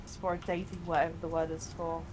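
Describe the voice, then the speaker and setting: A woman's voice: low voice, monotone, quick pace, background noise. A British woman telling rambling stories in casual gaming chat, with bursts of mock outrage. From Britain. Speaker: co-host gaming.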